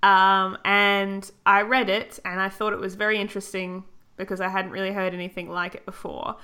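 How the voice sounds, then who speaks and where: A woman's voice: medium pitch, little pitch movement, moderate pace, sharp tone, clean tone. A woman co-hosting a podcast, chatting casually. She teases her co-host and laughs easily, with a light, playful manner. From Australia. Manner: giggly, playful teasing. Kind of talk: casual chat.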